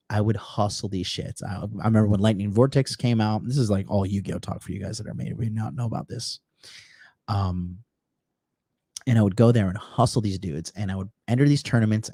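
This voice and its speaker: A man's voice: fairly low pitch, dark tone, dry recording. A man telling brash, profane, boastful stories in a casual podcast conversation. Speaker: podcast guest.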